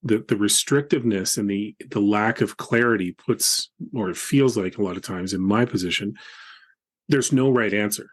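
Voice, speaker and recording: A man co-hosting a podcast, speaking in a measured, thoughtful way with hesitant restarts. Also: lowish voice. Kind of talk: casual conversation.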